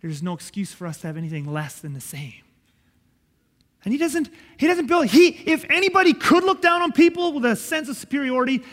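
High-voiced pastor preaching earnestly. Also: male voice, wildly swooping pitch, fairly quick. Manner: earnest, emphatic, swings from loud to soft. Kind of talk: sermon. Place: church hall. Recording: echoey church hall.

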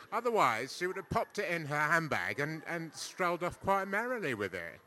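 Lively bright-voiced man sharing memories. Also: on the high side, brisk, few pauses, a little hiss or hum. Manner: chatty, with tag questions to the room. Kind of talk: funeral tribute, casual anecdote.

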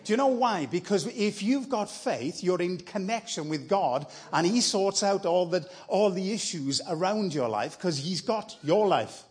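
A man's voice: sits high, expressive, unhurried, hardly any pauses, slightly rough. A man preaching as a guest speaker in church, telling a story in a conversational, encouraging way. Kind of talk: sermon.

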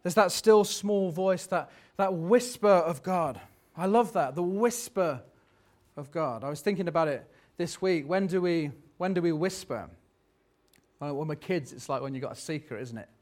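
Reflective, slightly high-voiced male preacher. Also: moderate pace, darkish tone. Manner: reflective, conversational, dramatic when reading scripture. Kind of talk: sermon.

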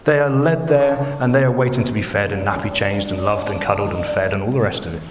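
A man's voice: on the low side, fairly even intonation, fast, a little hiss or hum. A man preaching a sermon, earnest and emphatic, pressing his points with rhetorical questions. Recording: echoey hall with long reverb.

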